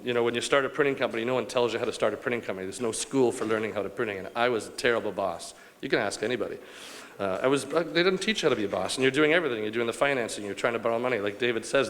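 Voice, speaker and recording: A man's voice: on the low side, fairly bright tone. A man from Canada giving a rambling, joking award acceptance speech to a live audience. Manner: rambling, joking, self-deprecating, with fillers. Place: large banquet hall. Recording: long hall reverb from a live event.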